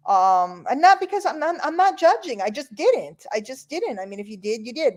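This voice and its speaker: A woman's voice: high-pitched, expressive, a little fast, hardly any pauses. A woman from New York hosting an online call in casual, rambling chat. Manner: chatty, rambling, playful.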